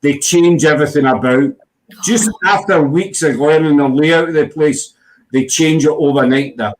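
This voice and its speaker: A man's voice: fairly high pitch, moderate pace, slight background noise, poor audio. A man chatting casually as host, rambling through stories and saying "you know" a lot. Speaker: podcast host. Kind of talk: casual chat.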